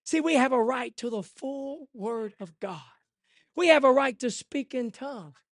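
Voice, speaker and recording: A man preaching a fervent sermon, swinging from hushed lines to shouting. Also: very high voice, measured pace, no echo, clean studio sound.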